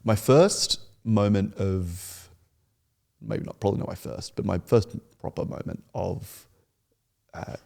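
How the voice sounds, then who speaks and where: A man's voice: lowish voice, a little slow, gravelly, a little mellow. A young man speaking as a podcast guest, telling his story in an earnest, rambling way with many restarts. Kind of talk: podcast interview.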